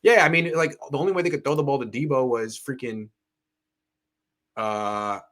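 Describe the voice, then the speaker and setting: A man's voice: mid-range voice, moderate pace, fairly bright tone. A man hosting a sports show, chatting casually and reading viewer comments aloud with blunt, sarcastic remarks. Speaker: sports podcast host.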